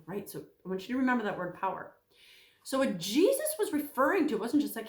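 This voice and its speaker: A woman giving a casual Bible teaching talk, animated, acting out the voices she quotes. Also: a little high, fairly quick, reverberant.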